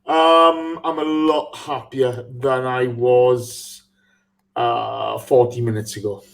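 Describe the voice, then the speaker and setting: A man's voice: mid-range voice, fairly even intonation, slow pace, gravelly. A man hosting a casual live football podcast, laughing often and reading out listener messages. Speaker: podcast host.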